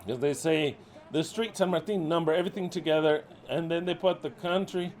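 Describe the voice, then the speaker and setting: A fairly quick delivery marks this middle-aged man as he runs his ministry and rebukes its members. He's profane and exasperated, rising to outbursts and then dropping to muttering.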